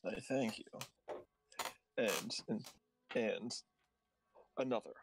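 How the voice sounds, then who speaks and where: A man playing his character in a tabletop game, speaking in a measured, formal way. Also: on the low side, creaky, a little hiss or hum. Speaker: player.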